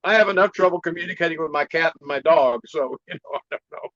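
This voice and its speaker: A man tells a story in an interview, animated and quick to laugh. His voice sits a bit high for a man. The sound is dry and a little muffled, like a lo-fi call recording. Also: no echo. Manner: animated storyteller, laughs often, clears throat. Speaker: martial arts teacher, interview guest.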